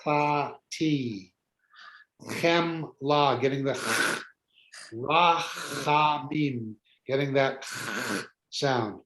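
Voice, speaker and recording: A rabbi teaching a beginners' Hebrew class, patiently sounding out letters and slipping in jokes. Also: male voice, mid-range voice, slow, a bit bright, roomy sound, rough recording.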